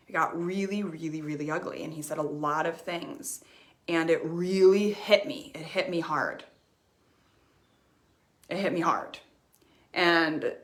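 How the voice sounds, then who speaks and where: A woman's voice: fairly low pitch, a bit bright. A woman life coach speaking earnestly on a live stream, repeating phrases for emphasis as she shares a personal story. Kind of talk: personal motivational talk. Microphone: streaming mic.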